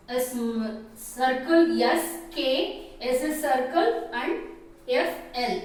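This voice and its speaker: A woman teaching shorthand step by step, slowly and methodically naming each stroke. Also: high-pitched, far from the mic. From India. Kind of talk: step-by-step classroom explanation. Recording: echoey room, off-mic, faint noise.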